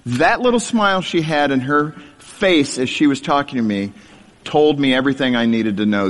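A man's voice: a little high, fairly bright tone, in a large hall. A man giving a sermon testimony, telling his childhood story with wry, self-deprecating humor. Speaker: speaker sharing his testimony.

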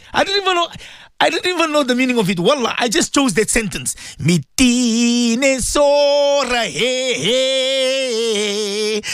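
A male radio preacher delivers an impassioned, repetitive sermon, dropping to low murmurs and then rising to high cries. His voice sits high and wildly lively in pitch. It has a gravelly edge and is recorded dry and close. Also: dry recording. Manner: repetitive, emphatic.

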